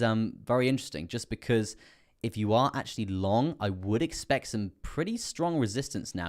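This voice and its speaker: A young British man, his voice fairly low and a little mellow, goes through price charts on his crypto livestream. He rambles loosely, with plenty of fillers and repeated "coming through there", and his voice is slightly strained.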